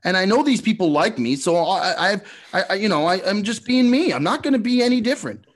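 Young guy cohosting a podcast, kinda high voice, acts out everyone in his stories. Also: fast talker. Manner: animated storyteller, acts out quotes. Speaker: co-host. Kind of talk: casual podcast banter.

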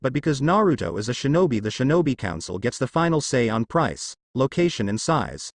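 A man's voice: mid-range voice, big pitch swings, a little fast, no room sound, studio quality. A man voicing a stern, commanding elderly male village leader in a fan fiction reading. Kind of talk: fan fiction read-aloud.

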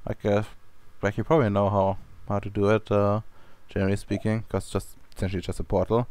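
A man's voice: lowish voice, level tone, a little fast, a little mellow, clean tone, no echo. A man running a tabletop role-playing game as game master, talking hesitantly with lots of fillers. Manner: hesitant, many fillers and restarts.

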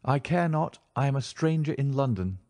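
A man's voice: medium pitch, lively intonation, moderate pace, a little mellow, no room sound, lightly acted. A starved Greek prisoner who answers in short, defiant bursts, as a male narrator puts him on. His voice sits a little above the reader's own, and the recording is dry and close. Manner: curt, defiant replies.

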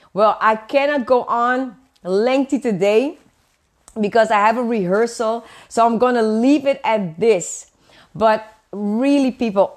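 A woman's voice: a little high, a little mellow. A woman. She is earnest and encouraging, and she drives her points home by repeating phrases. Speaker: preacher. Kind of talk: live-streamed sermon. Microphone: webcam or phone on a live stream.

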